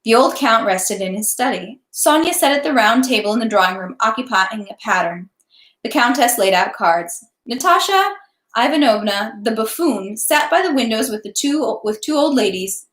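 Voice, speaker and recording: A woman reading a classic novel aloud at a steady pace, now and then stumbling and correcting herself. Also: on the high side, normal speed. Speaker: audiobook reader. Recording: echoey room.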